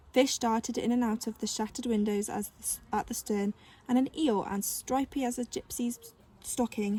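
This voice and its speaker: A woman reading a children's novel aloud with gentle, expressive storytelling. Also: a little high, slightly rough. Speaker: narrator.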